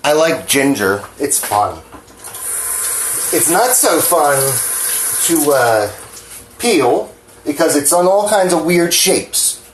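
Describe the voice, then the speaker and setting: In a slow, sing-song, higher-pitched voice, a man from New Jersey rambles through casual cooking talk in his home kitchen, cursing openly and poking fun at himself, his hands slightly shaky. He's a cooking vlogger; the room echoes with faint clatter, and there's a little hiss or hum.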